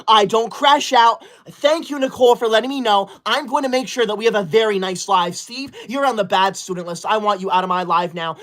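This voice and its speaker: A man's voice: high voice, fairly bright tone. A young man hosting a comedy livestream in character, reading out super chats and scolding chatters in a prim, indignant, defensive way with overly formal wording. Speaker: livestream host.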